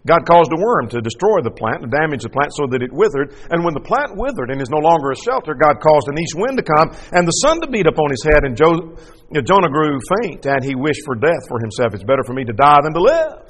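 A man preaching a sermon, reading scripture aloud and explaining it, rising into loud dramatic lines and falling to quiet asides. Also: fairly quick, big-room sound. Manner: expressive, acts out scripture with rising pitch and drops to quiet asides.

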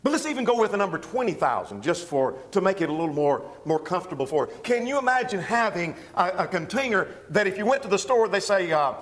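A man preaching an expository sermon, walking through verses with emphatic, animated delivery. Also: high-pitched, fast talker, few pauses, big-room sound. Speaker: pastor.

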